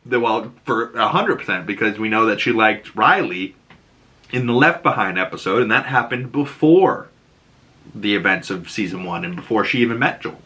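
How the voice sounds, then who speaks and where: Bright-voiced Boston recap host. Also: male voice, on the low side, normal speed. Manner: animated, lots of "you know". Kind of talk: casual recap.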